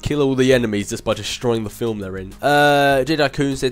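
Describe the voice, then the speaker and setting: Fielding viewer questions in a casual chat on his channel, this young host rambles, laughs frequently and fills gaps with hums. His mid-range voice is smooth and brisk, with few pauses, over soft background music.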